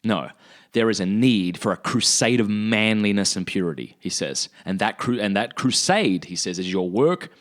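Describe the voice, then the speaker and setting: A man's voice: on the low side, moderate pace. Aussie guy hosting a podcast, blunt and fired up, voice jumping all over the place. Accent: Australian. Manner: animated and emphatic, blunt. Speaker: podcast host. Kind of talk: casual spiritual talk.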